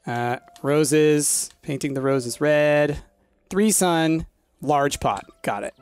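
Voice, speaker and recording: A man's voice: a little high, slow pace, darkish tone, clean tone, dry recording, faint music behind. A man hosting a casual gaming session, chatty and playful, laughing often. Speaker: gaming video host. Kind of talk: casual gameplay chat.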